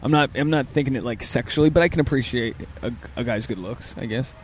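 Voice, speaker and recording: A man hosting a casual comedy podcast in a bar, talking in halting starts and restarts. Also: mid-range voice, a little hiss or hum. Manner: halting, restarts often, laughs easily. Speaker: podcast host.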